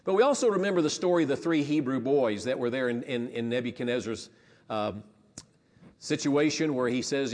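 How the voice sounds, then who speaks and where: A man's voice: medium pitch, brisk, darkish tone. Preaching man in a reverberant sanctuary. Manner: conversational preaching with frequent restarts. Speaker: pastor. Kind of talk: sermon.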